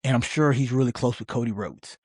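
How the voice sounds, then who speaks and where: A middle-aged man hosts a casual podcast, rambling through his opinions with animated conviction. His voice is husky and slightly rough, sitting at an ordinary pitch. The sound is dry and close, with no room around it. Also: fairly quick, dry recording. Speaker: podcast host. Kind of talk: casual sports commentary.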